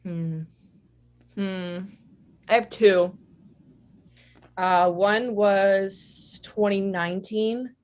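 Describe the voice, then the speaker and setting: A young adult woman tells stories on a podcast. She rambles casually and fills her sentences with "like" and "uh". Her voice sits at an ordinary middle pitch. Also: fairly even intonation, drawn-out words, long pauses. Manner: chatty, rambling, many fillers. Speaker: podcast guest. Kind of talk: casual storytelling.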